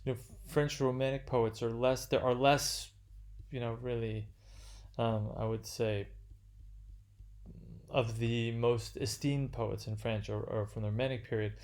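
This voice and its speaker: A man giving an unscripted literature lecture, halting and full of fillers and restarts. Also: mid-range voice, steady tone, a little mellow.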